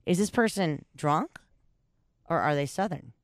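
A woman hosting a podcast, telling stories in casual chat with a lot of swearing, big swings in pitch and frequent laughter. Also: lively intonation, unhurried, no echo, studio quality. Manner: storytelling, reads news aloud with commentary. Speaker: podcast host.

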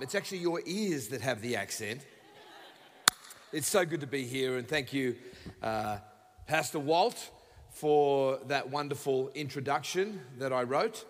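A man in his fifties with an Australian accent, a guest pastor addressing a church congregation with lively, joking energy. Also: medium pitch, a little slow, slight background noise. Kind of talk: sermon. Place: large church hall. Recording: reverberant church hall.

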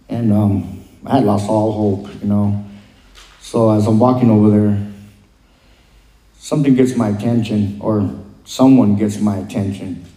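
Guy telling his own story, kinda low voice, lots of ums, echoey room. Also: dark tone. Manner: halting, full of "um" and "you know". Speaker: guest sharing his recovery story. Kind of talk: personal testimony. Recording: roomy echo.

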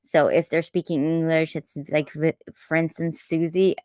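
A woman co-hosting a podcast, chatting casually about a film, animated and laughing often, with frequent restarts. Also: low-pitched, normal speed, dry recording, studio quality. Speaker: podcast co-host. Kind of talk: casual film review chat.

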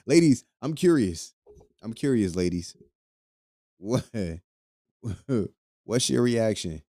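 A man's voice: fairly low pitch, sing-song, takes it slowly, dark tone, no echo, clean studio sound. A young man hosting a casual podcast, talking loosely with lots of profanity and laughing between lines. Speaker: podcast host. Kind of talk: casual solo podcast commentary.

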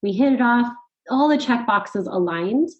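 A middle-aged woman, a podcast guest, telling a personal story in casual conversation, animated and laughing often. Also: fairly high pitch, unhurried, dull audio. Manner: animated, laughs often, quotes her own thoughts.

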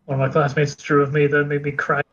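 A man's voice: a little high, monotone, fast talker, crowd noise. A young man in casual chat with friends, giving laid-back, short replies. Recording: dull sound with clear background noise.

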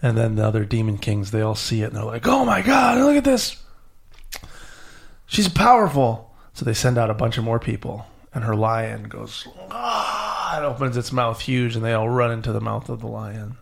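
A man hosting a podcast, retelling a myth to a child in an animated, storytelling way. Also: on the low side, brisk, gravelly, hardly any pauses. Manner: animated storyteller, acting out characters. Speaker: podcast host.

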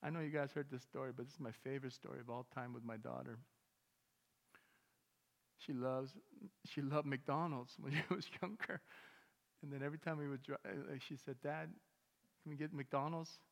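A man's voice: mid-range voice, steady tone, normal speed, gravelly, pauses often. A man preaching a sermon as pastor, telling stories in a casual way and acting out the dialogue. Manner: conversational storytelling, acts out dialogue. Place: church sanctuary. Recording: long hall reverb.

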